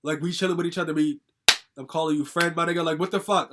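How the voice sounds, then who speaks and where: A man's voice: on the high side, fairly even intonation, quick pace, background noise. A young man telling a personal story to camera in a casual, angry, profane rant full of fillers.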